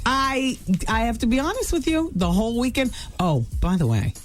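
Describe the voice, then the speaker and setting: A woman hosts a radio show, rattling through celebrity gossip with chatty asides and quick self-corrections. She sounds like she is in a studio broadcast with soft music faintly underneath. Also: a little high, very animated. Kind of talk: casual celebrity gossip talk.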